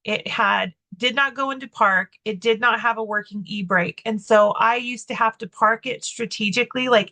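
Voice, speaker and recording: A woman's voice: on the high side, moderate pace, hardly any pauses, bright, forceful tone. A woman co-hosting a podcast, telling a personal story in casual chat, rambling with lots of fillers and restarts, candid and self-mocking. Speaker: podcast co-host.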